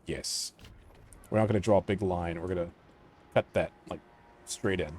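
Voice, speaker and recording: A man with a low voice talks through a strategy game in a relaxed, casual way. He often mutters half to himself, trailing off into quiet asides as he clicks through his choices. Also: moderate pace, a little hiss or hum. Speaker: gaming channel host.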